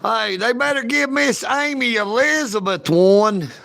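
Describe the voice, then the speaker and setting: A man chats with his live-stream viewers in an unhurried, folksy drawl. His voice sits high and has a gravelly edge, with a bright, forward tone. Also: expressive. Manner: folksy, drawling, talks straight to chat. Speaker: livestream host. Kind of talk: casual live-stream chat.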